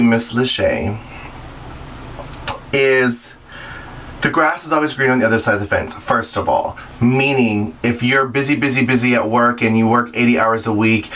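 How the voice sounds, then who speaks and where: A man's voice: medium pitch, fairly bright tone, distant mic, a little hiss or hum. A man who performs in drag, giving advice in a vlog and telling stories with sassy asides. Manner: chatty storytelling, sassy asides. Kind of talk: advice vlog talking to camera.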